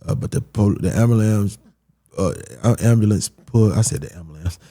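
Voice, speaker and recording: Gravelly low-voiced man telling a story. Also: normal speed. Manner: animated retelling, leans on "I'm like" and repeats himself. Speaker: podcast guest, former pro boxer. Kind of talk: casual storytelling in conversation.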